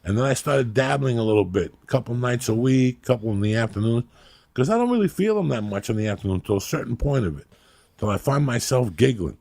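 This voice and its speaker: A podcast host in his fifties tells rambling, profane stories in a casual chat, laughing as he goes. His mid-range voice is animated and fast with a slightly mellow quality, recorded with no room sound.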